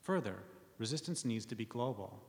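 A man's voice: mid-range voice, expressive, a little fast. A man giving a public talk, earnest with wry asides and frequent ums. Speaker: speaker reading from his book. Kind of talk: public talk reading premises to an audience. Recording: long reverb of a hall.

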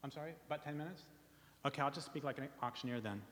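Reading premises from his own book to an audience, this man talks rapid-fire in a medium pitch with a fairly bright tone. His public talk is earnest, dotted with wry asides and plenty of ums. The recording has a long hall reverb and a little hiss or hum.

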